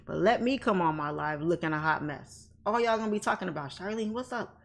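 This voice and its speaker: A woman's voice: low voice, lively intonation, quick pace, creaky. A woman hosting a casual livestream off camera, talking bluntly and outspokenly, often breaking into laughter. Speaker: livestream host, trading educator. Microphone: off camera, desk mic.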